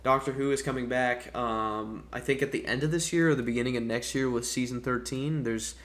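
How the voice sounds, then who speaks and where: A man's voice: medium pitch, fairly even intonation, brisk, a bit bright. Frustrated young-sounding man ranting casually. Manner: rambling, profane, frustrated, peppers talk with "dude" and "man". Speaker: gaming YouTuber. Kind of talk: casual ranting review to camera.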